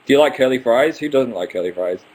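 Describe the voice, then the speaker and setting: A man's voice: mid-range voice, lively intonation, quick pace, darkish tone, poor audio. A man in his twenties hosting a casual live stream, reading out viewer questions and answering them one by one with playful asides. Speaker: livestream host.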